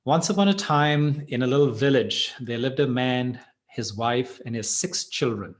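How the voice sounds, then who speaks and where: A man leading a meditation gathering, telling a parable and reflecting on gratitude in a gentle, thoughtful way. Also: medium pitch, moderate pace. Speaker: meditation teacher. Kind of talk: storytelling and reflective talk.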